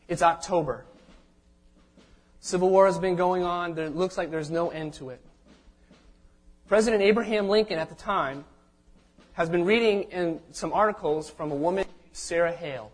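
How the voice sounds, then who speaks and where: A pastor preaches a sermon in a fairly high voice, telling the story conversationally and frequently checking in with the congregation by asking "okay?"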